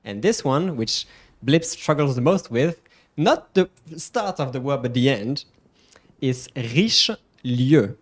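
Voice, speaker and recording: A French man with a French accent, co-hosting a casual stream and playfully teaching pronunciation with drawn-out, emphatic words. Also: mid-range voice, animated. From France. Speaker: co-host.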